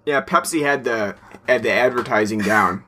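A man co-hosting a podcast in relaxed casual chat, laughing often and trailing off with fillers. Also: medium pitch, moderate pace, a little hiss or hum. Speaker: podcast co-host.

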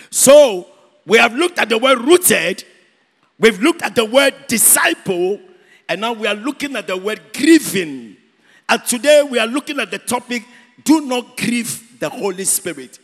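A Ghanaian man preaching in a church with a high, husky, gravelly voice. He drives points home by repeating words and lifts some phrases into a sing-song. The sound rings with the long reverb of a church hall. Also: big pitch swings, unhurried, a bit bright. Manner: emphatic, repeats key words, sings out phrases. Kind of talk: sermon.

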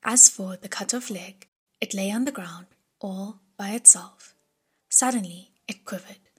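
Breathy, hushed woman audiobook narrator. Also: medium pitch, unhurried.

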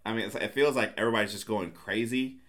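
A man co-hosting a casual movie review podcast, retelling scenes in an animated way and putting on voices for the characters. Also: on the low side, fast. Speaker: podcast co-host, the father.

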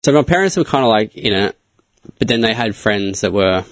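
A man's voice: fairly low pitch, lively intonation, a little fast, no echo. A man chatting on a podcast, hesitant and earnest, with some swearing. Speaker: podcast co-host. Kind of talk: casual chat.

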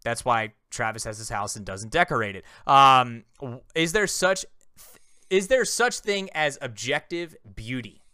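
A man in his thirties co-hosting a podcast, chatting casually and quizzing his co-host with teasing rapid-fire questions. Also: mid-range voice, lively intonation, bright, forceful tone, smooth, no echo, studio quality. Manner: playful, teasing quizmaster. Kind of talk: casual chat.

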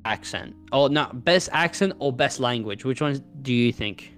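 A man's voice: mid-range voice, moderate pace, faint music behind. A young man with an Australian accent, telling rambling stories in a casual chat with friends. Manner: rambling, animated storyteller, swears casually.

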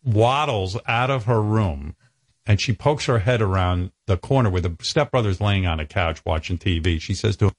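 A man with a low, husky voice rambles through a crude comic story, chuckling now and then. His pitch sits on the deep side, and his breathy tone softens the edges of his talk. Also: moderate pace. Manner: rambling, graphic, chuckling as he talks.

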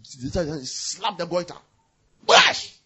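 A man preaching a sermon with passion, repeating phrases and swinging from loud bursts to quiet murmurs. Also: high-pitched, animated, slow pace, slightly rough. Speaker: pastor.

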